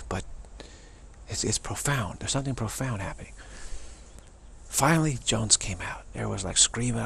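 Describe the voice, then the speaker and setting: A man's voice: on the low side, a little fast, gravelly, a bit bright, slight background noise. A man, a spiritual teacher, telling a personal story and acting out what other people said.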